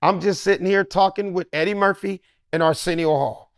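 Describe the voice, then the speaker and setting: A comedian, a man, telling an animated story and acting out the lines of everyone in it. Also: sits high, fairly quick, clean tone, dry recording, clean studio sound. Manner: lively, acts out every character's line.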